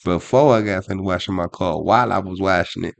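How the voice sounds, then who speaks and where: Deep gravelly male podcast co-host. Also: fast talker, no room sound. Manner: profane, rambling storytelling with many restarts. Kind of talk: casual chat.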